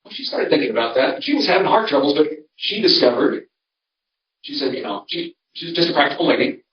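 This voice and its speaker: A man's voice: a little high, big pitch swings, fairly quick. An older man, a pastor, giving a conversational seminar talk in a church and telling homespun stories with many restarts. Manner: conversational, storytelling, frequent restarts. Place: church hall. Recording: roomy, distant, dull sound.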